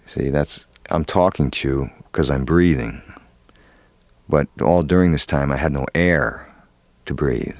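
A man's voice: rumbling low, measured pace, a little mellow, dry recording. A man, an actor, telling a long story in an interview, rambling with many fillers and restarts. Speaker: actor guest.

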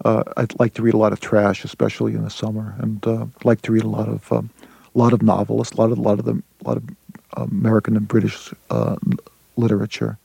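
A man with a low, gravelly, slightly husky voice talks through an interview, pausing and restarting as he works through his thoughts. He has a dark, mellow tone, and the recording is dry and close. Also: little pitch movement, no room sound. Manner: halting, many restarts, taps out rhythms. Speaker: playwright and translator. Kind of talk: radio interview.

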